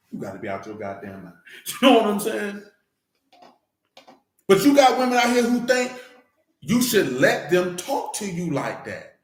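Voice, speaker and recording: A man's voice: fairly high pitch, sing-song, a little fast, a bit bright, roomy sound. A man, preaching informally and emphatically, talking straight to the congregation. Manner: emphatic, conversational, addresses congregation directly. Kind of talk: informal church teaching. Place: church.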